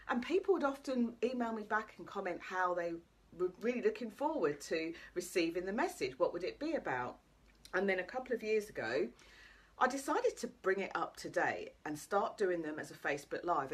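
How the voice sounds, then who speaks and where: Lively, husky woman coach. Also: medium pitch. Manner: chatty, cheeky, addresses viewers directly. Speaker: life coach. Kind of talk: live motivational talk to viewers. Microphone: camera.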